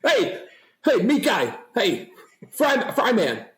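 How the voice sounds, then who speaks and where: A man voicing a goofy next-door neighbor from a cartoon, in a high, pushy, wheedling voice. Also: wildly swooping pitch, slow, echoey room, full character voice.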